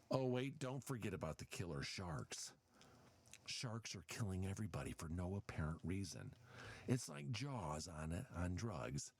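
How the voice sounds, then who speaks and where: A man's voice: deep voice, lively intonation, moderate pace, no room sound. A man hosting a podcast, delivering a casual, sarcastic, exasperated rant. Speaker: podcast host. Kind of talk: casual ranting monologue.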